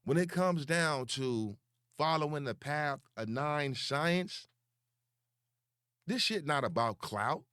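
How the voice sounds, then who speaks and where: A young man, ranting slowly and profanely as he calls someone out online, repeating words for emphasis. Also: fairly high pitch, expressive, fairly bright tone, clear, resonant tone, no room sound, studio quality. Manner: slow, taunting and profane. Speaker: online commentator. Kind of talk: confrontational call-out rant.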